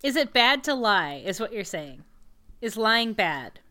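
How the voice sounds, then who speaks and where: A woman co-hosting a podcast, teasing and quick-witted in casual comedy chat. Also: fairly high pitch, very animated, bright, forceful tone. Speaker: podcast co-host.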